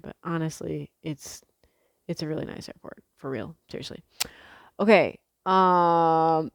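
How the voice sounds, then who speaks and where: Woman, young adult, from the US, casual vlog, rambling chatter, low gravelly voice, dry sound. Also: no echo. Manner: chatty, rambling, swears casually, many fillers. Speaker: vlogger.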